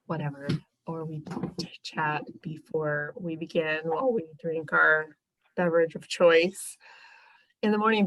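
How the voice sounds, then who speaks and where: A woman's voice: low voice, a bit bright, no room sound, low-quality recording. A mother hosting a casual live chat, chatty and laughing often between loose, rambling sentences. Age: young adult or middle-aged mother. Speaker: host.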